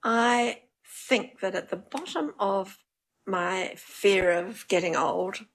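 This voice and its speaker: A woman's voice: medium pitch, slow, vocal fry, low-quality recording. An older woman hosting a casual chat, frank and wry, poking fun at herself. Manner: frank, wry and self-mocking.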